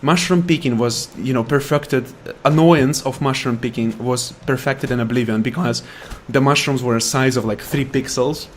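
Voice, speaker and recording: Man, gameplay commentary, sarcastic rants, mid pitch, faint background hum. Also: normal speed, hardly any pauses. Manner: ranting, sarcastic, taunts enemies. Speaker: gaming YouTuber.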